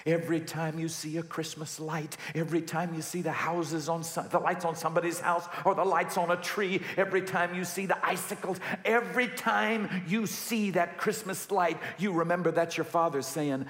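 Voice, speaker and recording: A man's voice: on the high side, moderate pace, hardly any pauses, a faint crowd. A man in his thirties, a pastor, preaching a sermon and acting out a family story. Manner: animated storyteller acting out dialogue. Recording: echoey hall with long reverb.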